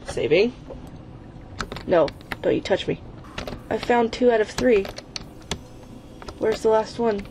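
A woman's voice: on the high side, lively intonation, takes it slowly, pauses often, warm tone, slight background noise. A woman hosting her own gaming channel, giving let's play commentary while she plays, exasperated and swearing at the game, often chanting the same urging words over and over. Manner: chants repeated urging phrases.

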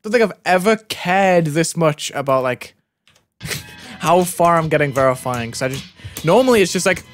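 A young British gaming streamer puts on an American accent while commentating his own game live, excitedly yelping and shouting whenever he dies in-game. His voice is slightly high at a normal pace, with faint music in the background.

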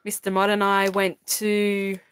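Casting note: relaxed woman, mid-pitched, chatty craft vlogger with light teasing humor. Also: measured pace, clean tone, no room sound, rough recording. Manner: chatty, laughs easily, teasing. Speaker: craft vlogger showing a haul. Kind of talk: casual chat.

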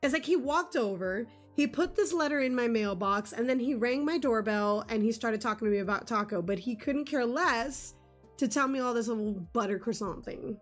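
A woman's voice: a little high, moderate pace, soft background music. A woman streaming a farming game, chatting casually, reading game text aloud and laughing often. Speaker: gaming streamer. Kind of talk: casual let's-play chat.

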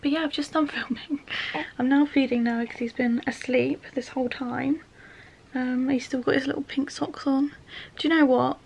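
A woman's voice: sits high, steady tone, normal speed, vocal fry, darkish tone, a little hiss or hum. A young woman in her twenties chatting casually at home in a vlog, emotional and laughing often. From England. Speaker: vlogger.

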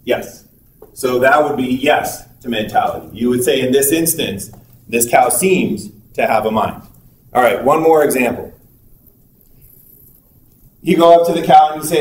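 A male university lecturer giving a conversational classroom lecture, acting out little dialogues as examples. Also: medium pitch. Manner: conversational, acts out little dialogues with quick asides. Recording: echoey room, picked up from a distance with faint noise.

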